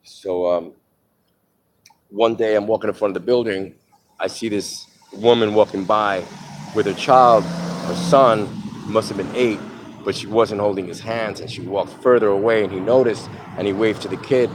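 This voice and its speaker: Low-voiced man telling rough street stories. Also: steady tone, moderate pace, noisy background. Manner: rambling, profane, with many fillers; earnest, gives blunt advice to listeners. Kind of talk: candid personal storytelling monologue.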